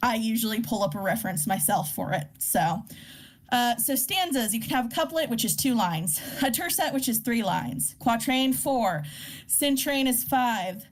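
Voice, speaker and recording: Leading a casual live poetry lesson, this woman talks at an ordinary pace in a fairly high voice with lively intonation. She reads poems out loud and works through definitions, often restarting and filling pauses.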